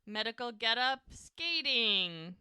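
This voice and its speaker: A woman's voice: a little high, very animated, slow pace, bright, forceful tone, smooth, no echo, studio quality. A woman co-hosting a podcast, recapping a TV episode in casual chat, laughing often and briefly quoting characters. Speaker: podcast co-host.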